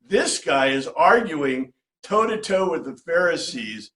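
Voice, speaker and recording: A man's voice: fairly high pitch, very animated, measured pace, sharp tone, roomy sound. Chatty man teaching a class. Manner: chatty, checks in with "right?". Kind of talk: informal lecture to a class.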